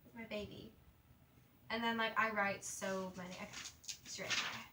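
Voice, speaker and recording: A woman's voice: medium pitch, steady tone, normal speed, pushed and bright, far from the mic. A young woman chats in a loose, rambling vlog, her sentences stuffed with "like" and "you know" and broken by stutters and mumbles. She sounds a bit away from the mic, in a roomy space with a faint hum behind her. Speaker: vlogger. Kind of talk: casual confessional vlog.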